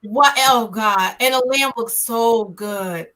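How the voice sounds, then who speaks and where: Woman, thirties, animated chat host, high-pitched and bright. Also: takes it slowly. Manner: animated storyteller, acts out her own reactions. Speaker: podcast host. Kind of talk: casual storytelling chat.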